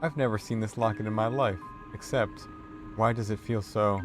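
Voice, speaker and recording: A man's voice: lowish voice, steady tone, moderate pace, music in the background, natural voice. A man voicing a fussy, prim older female librarian who sweetly evades questions and calls people dearie, in a narrated text game. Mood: agitated.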